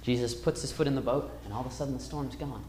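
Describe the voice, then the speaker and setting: A man teaching a Bible class, reading verses aloud and retelling the story with wide swings in loudness. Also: mid-range voice, quick pace. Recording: echoey room.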